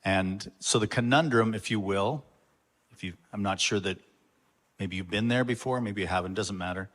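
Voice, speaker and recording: A low-voiced pastor addresses his congregation, pausing and reflecting as he introduces a guest. His speech is halting and thoughtful. A long reverb from the church hall trails after his words. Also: a bit bright. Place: church sanctuary.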